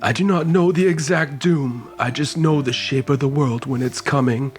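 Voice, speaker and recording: A man's voice: medium pitch, faint music behind, natural voice. A man doing a grave old wizard. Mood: solemn. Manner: slow, grave and deliberate. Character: old male wizard, weary and solemn. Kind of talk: voicing a character in a tabletop game.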